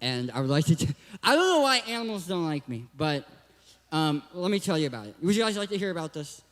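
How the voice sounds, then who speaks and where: A man's voice: fairly high pitch, big pitch swings, fast talker, a bit bright, in a large hall. A young man from Southern California with a lisping, cartoon-like voice gives a hyper, joking youth talk at a church. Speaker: guest speaker.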